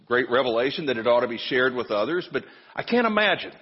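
A man's voice: mid-range voice, very animated, quick pace, slightly rough. A middle-aged man preaching a sermon as pastor, telling a story with a self-deprecating manner. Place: church. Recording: dull sound in a reverberant hall.

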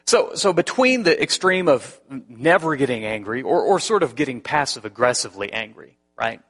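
A male pastor delivering a sermon, telling a personal story in an animated way, with frequent restarts. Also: mid-range voice, moderate pace, husky.

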